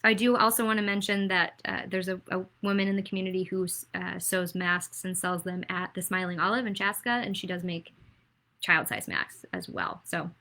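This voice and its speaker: A bright, clear-toned woman with a Minnesotan accent talks casually to viewers on a livestreamed town hall. Her delivery is chatty and warm-hearted, with frequent "um"s and restarts as she reads viewer comments aloud between her own points. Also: lowish voice, normal speed. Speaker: political candidate hosting a livestreamed town hall.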